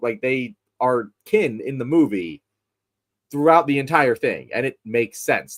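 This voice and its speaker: A man co-hosting a casual film podcast, animated and profane, often stumbling over repeated words. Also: mid-range voice. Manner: animated, profane, stammering restarts. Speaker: podcast co-host.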